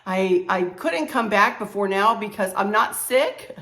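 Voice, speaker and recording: A woman with a Southern American accent and a hoarse, strained voice, chatting casually to camera as a home decor vlogger, rambling with many fillers. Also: medium pitch, animated, a little slow, a bit bright, roomy sound.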